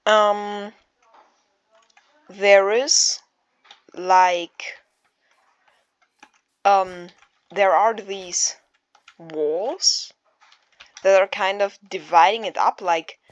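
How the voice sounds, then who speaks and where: A woman casually narrating a tour of her game build, halting and searching for words, with many fillers. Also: mid-range voice, fairly even intonation, dry recording, lo-fi sound. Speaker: Minecraft builder giving a map tour.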